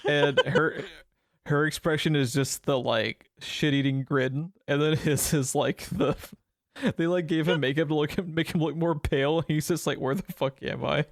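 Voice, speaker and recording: A man's voice: on the high side, steady tone, moderate pace, no echo, clean studio sound. A man co-hosting a podcast, chatting casually about a comedy film, rambling and swearing a lot. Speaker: podcast co-host. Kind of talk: casual film review chat.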